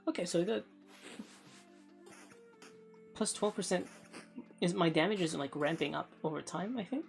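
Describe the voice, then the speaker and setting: Woman streamer, lowish gravelly voice, casual rambling game commentary. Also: brisk, soft background music. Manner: thinks aloud, rambling and offhand. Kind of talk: casual let's play commentary.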